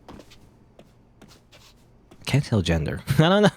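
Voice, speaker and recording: A man's voice: medium pitch, huge pitch swings, takes it slowly, long pauses, husky. A man casually commentating on a video game as he plays it, chatty and rambling. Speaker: let's play host.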